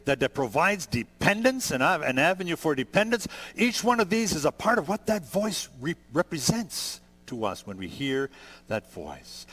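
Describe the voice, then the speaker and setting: A man in his sixties preaching a sermon, conversational and gentle, building to emphatic peaks. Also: on the high side. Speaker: pastor.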